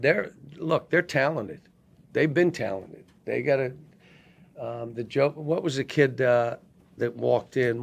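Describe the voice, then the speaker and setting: Older coach guy at a postgame presser, gravelly voice, blunt, keeps restarting sentences. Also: mid-range voice, a little mellow. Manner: blunt, halting, frequent restarts. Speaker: head basketball coach. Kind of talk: post-game press conference. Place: press conference room.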